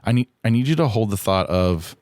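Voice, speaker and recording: Man, podcast host, lowish voice, rambling, self-deprecating, swears a lot, dry recording. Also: expressive, brisk, a little mellow, no echo. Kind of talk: casual solo podcast chat.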